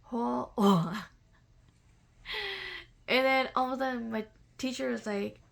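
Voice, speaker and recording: Slow, gravelly-voiced woman telling a personal story. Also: high-pitched, fairly even intonation, fairly bright tone. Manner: halting and reflective, with many fillers and restarts. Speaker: vlogger sharing a personal spiritual story.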